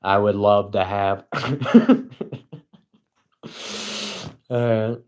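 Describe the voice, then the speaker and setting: A man livestreaming at home, reading chat aloud and answering with deadpan sarcasm and frequent chuckles. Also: on the low side, extremely slow.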